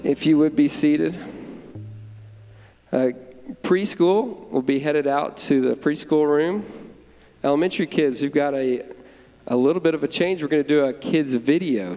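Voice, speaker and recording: A man leading worship, making church service announcements in a casual, relaxed way. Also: fairly high pitch, moderate pace, gravelly. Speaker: worship leader. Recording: reverberant sanctuary with music behind.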